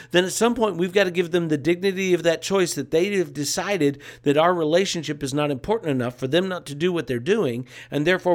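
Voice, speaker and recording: A man preaching a sermon as a pastor, with a repetitive, emphatic cadence and casual asides. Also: high voice.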